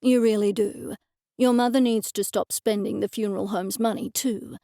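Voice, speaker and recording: Woman reading a calm, matter-of-fact male accountant. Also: mid-range voice, normal speed, dry recording, clean studio sound, lightly acted. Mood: level.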